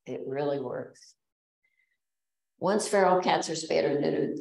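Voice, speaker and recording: A woman giving a public talk to a bird society, earnest and conversational, mixing facts with personal stories and pausing on fillers. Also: low voice, darkish tone. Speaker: guest speaker at a bird society meeting. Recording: roomy echo.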